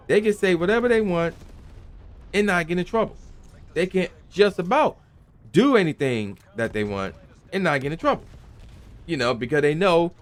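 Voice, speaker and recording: A young man hosting a gaming channel, ranting emphatically in casual slangy talk and sometimes acting out the people he quotes. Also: a little high. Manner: animated, emphatic, acts out quoted voices, slangy. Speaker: gaming commentary channel host. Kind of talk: casual opinion rant.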